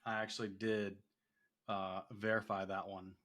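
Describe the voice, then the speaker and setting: A man co-hosting a casual chat, relaxed and hesitant, swearing offhandedly. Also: lowish voice, normal speed. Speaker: co-host.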